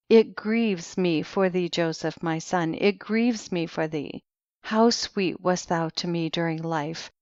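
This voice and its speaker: Anguished old father, read by a woman, loud wailing lament, storybook reading, lowish voice, slightly muffled dry recording. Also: dry recording, natural voice.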